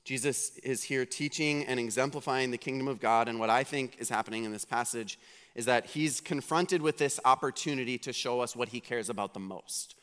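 A man's voice: medium pitch, brisk, a bit bright, smooth. Man preaching in a reverberant hall. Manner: conversational, questioning, emphatic. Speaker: pastor. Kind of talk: sermon.

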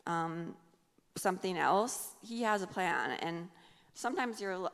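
Female guest speaker, earnest halting testimony, low gravelly voice, reverberant hall. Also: expressive. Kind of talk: personal testimony.

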